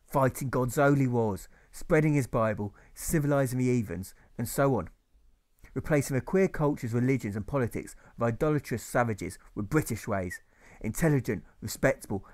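A man voicing a pompous, dim-witted male schoolmaster who declaims in a loud, preachy way. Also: mid-range voice, close to an everyday voice.

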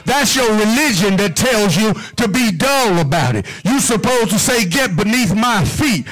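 High-voiced preacher man, rhythmic sermon. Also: lively intonation, normal speed, fairly bright tone, low-quality recording. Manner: rhythmic, call-and-response preaching.

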